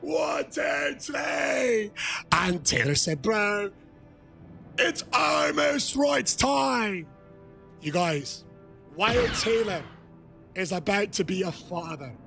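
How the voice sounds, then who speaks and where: A man streaming a game, reading out super chats and shouting hype toasts with countdowns to his chat. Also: high voice, big pitch swings, takes it slowly, vocal fry, soft background music.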